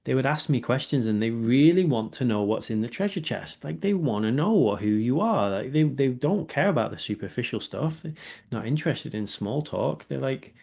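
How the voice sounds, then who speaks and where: A man, speaking as a guest in a candid, reflective interview and often checking in with a quick 'right?'. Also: medium pitch, expressive, gravelly, darkish tone. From England. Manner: reflective, with many filler words and rhetorical 'right?'.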